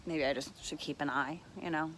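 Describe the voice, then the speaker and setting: A mother filmed at home on a handheld phone, recounting a personal ordeal in a halting, earnest way with many fillers. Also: low voice, fairly even intonation, fairly bright tone, a little hiss or hum. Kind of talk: personal storytelling vlog. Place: at home, walking around the house.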